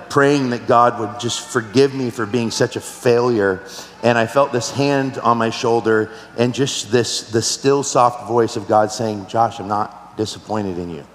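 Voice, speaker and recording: A male pastor preaching a sermon, telling a personal story earnestly and asking the listeners questions. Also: mid-range voice. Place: large church hall. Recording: roomy hall with long reverb.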